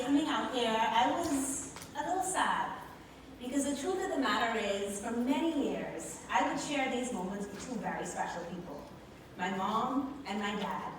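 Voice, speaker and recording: A young woman from the Bahamas, telling a personal story on stage and speaking directly to the audience. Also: on the high side. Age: young adult. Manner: expressive storyteller who talks to the audience. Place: large hall with an audience. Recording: echoey hall from far off, with background noise.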